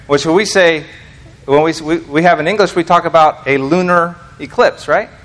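An American man preaches informally in a small church. His voice sits a little high, and he rambles with fillers and restarts, poking fun at himself. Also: moderate pace, fairly bright tone. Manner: rambling, self-deprecating, many fillers and restarts. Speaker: lay preacher. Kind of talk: informal sermon.

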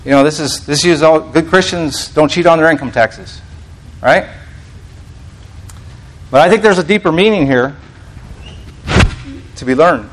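A man's voice: on the high side, unhurried, pauses often, low-quality recording. Man giving a casual sermon. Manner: reads scripture aloud, frequent restarts, conversational asides. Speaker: preacher. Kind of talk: sermon teaching.

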